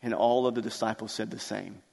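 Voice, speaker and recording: A male pastor preaching a sermon, retelling scripture dramatically and rising to loud, slow emphasis on key lines. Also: on the low side, fairly even intonation, creaky. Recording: long hall reverb.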